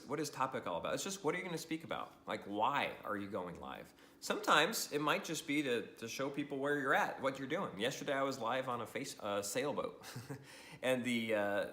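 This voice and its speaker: This is an upbeat man presenting social media training on camera with lots of animation, regular laughter, and a habit of finishing phrases with "right?". The voice is medium in pitch, heard in an echoing space.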